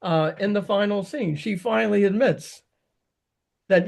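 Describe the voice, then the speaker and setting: A man's voice: high voice, measured pace, vocal fry, pauses often, a little mellow. A man giving an informal talk about an opera, rambling with frequent restarts. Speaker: opera lecturer.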